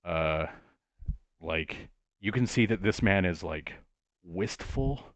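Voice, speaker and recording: A man's voice: low-pitched, animated, takes it slowly, no echo, dull audio. A man narrating a tabletop game as game master, in a casual, filler-heavy way.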